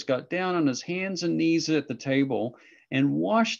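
A man's voice: fairly high pitch, a little slow, gravelly, highs cut off. A man leading an online children's church lesson with enthusiastic, coaxing talk. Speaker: children's ministry teacher.

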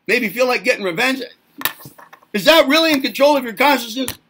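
A man with a very high, sharply bright voice talks through a loose self-help lecture. He rambles, keeps firing rhetorical questions at the listener and swears casually along the way. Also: animated, a little fast, a little hiss or hum. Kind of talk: informal lecturing monologue.

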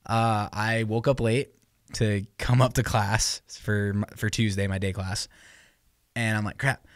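A man's voice: fairly low pitch, unhurried, no echo, studio quality. A man in his twenties, a podcast host, telling embarrassing stories in casual chat, often laughing and acting out what people said. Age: 20s. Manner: animated storytelling with laughs and acted-out quotes.

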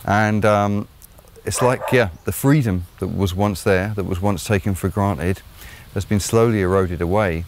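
A deep-voiced man with an English accent talks on his own channel, musing aloud at length. He hesitates often with ums and uhs, then drops blunt, sardonic remarks. His delivery stays low and grounded throughout. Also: fairly even intonation, unhurried, slight background noise. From England. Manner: rambling, hesitant, many fillers. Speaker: vlogger host. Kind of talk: opinionated solo commentary.

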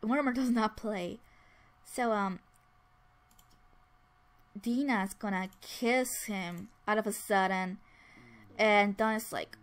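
A woman's voice: medium pitch, slow pace, long pauses. A woman casually narrating a life-simulation game and voicing the characters' dialogue herself. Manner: chatty, voices dialogue for the sims, many restarts. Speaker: let's play narrator. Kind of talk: casual game commentary with voiced character lines.

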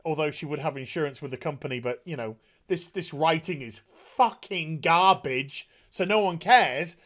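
A man's voice: a little high, normal speed, fairly bright tone. A man ranting in a video review, exasperated and sarcastic, swearing often. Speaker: TV show reviewer.

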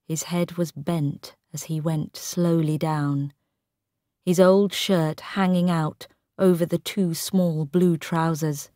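A woman narrating a short story for English learners, careful and clear. Her voice sits somewhat low and her pace is very slow and deliberate. The sound is dry and close. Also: fairly even intonation, warm tone, no echo.

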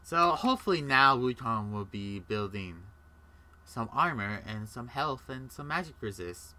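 A young man with a very bright, sharp tone talks through his gameplay in a loose, rambling way. He jokes as he goes, swears freely and quotes his own in-game reactions. He sounds like he is at a desktop mic in a room at home. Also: medium pitch, animated, a little slow, a little hiss or hum. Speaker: gaming commentator. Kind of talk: casual gameplay commentary.

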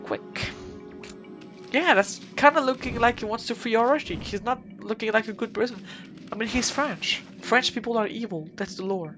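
A playful woman streamer chatting and joking as she plays, with a slightly high voice. Game music plays clearly behind her. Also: brisk. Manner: goofy, joking, swears freely. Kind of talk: casual game commentary.

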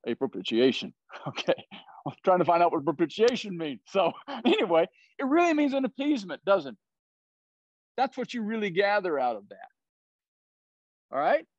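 A man's voice: high-pitched, no echo, highs cut off. A man with a Southern US accent teaching a Bible study, explaining words and often checking in with "right?".

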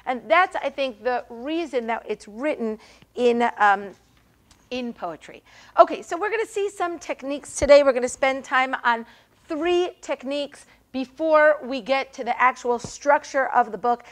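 A woman's voice: high voice, measured pace. A woman lecturing on biblical poetry to a class. She often checks in with her listeners and stumbles over repeated words and fillers. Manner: explanatory, checks in with "right?" and "okay?". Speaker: Bible teacher. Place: synagogue hall.

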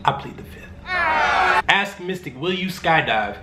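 A man's voice: high voice, huge pitch swings, slow pace, very noisy. A young man answering fan questions in a casual vlog, joking and rambling in loose, slangy talk. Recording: roomy room with faint ambience.

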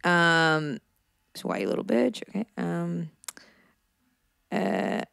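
A woman's voice: on the low side, slow, gravelly, a bit bright, smooth, no echo, clean studio sound. A woman co-hosting a podcast in casual chat, playful and teasing, with lots of fillers. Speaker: podcast co-host.

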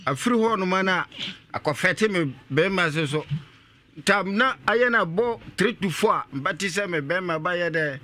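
A man's voice: high-pitched, expressive, moderate pace, pushed and bright. A man with a Ghanaian accent, a radio guest earnestly telling his personal story and often repeating himself.

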